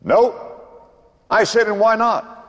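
An older man preaching a sermon as pastor in a church, swinging between booming lines and hushed asides. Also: slow, long reverb tail. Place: church building.

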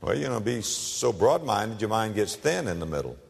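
A man pastor preaching a sermon, emphatic, with dramatic pauses and humorous illustrations, in a church sanctuary. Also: fairly low pitch, big pitch swings, creaky. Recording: long hall reverb.

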